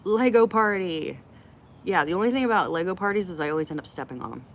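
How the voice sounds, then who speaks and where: A woman's voice: fairly low pitch, lively intonation, fast talker, a little hiss or hum. A middle-aged woman hosting a casual live Q&A, chatty, blunt and joking as she reacts to comments from her viewers. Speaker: livestream host answering chat.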